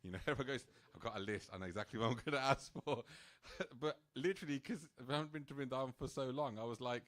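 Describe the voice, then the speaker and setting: Animated man telling a story. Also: mid-range voice, quick pace. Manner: animated storytelling with frequent "like" fillers and laughs. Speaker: speaker at a temple program. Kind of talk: casual storytelling talk.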